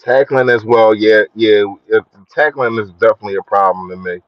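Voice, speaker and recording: A young man chatting casually on a sports live stream, slangy and shouting out his viewers. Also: fairly quick, dry recording. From Philadelphia. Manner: slangy, shouts out viewers, lively swings in pitch. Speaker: sports vlogger. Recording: dry, dull lo-fi phone audio.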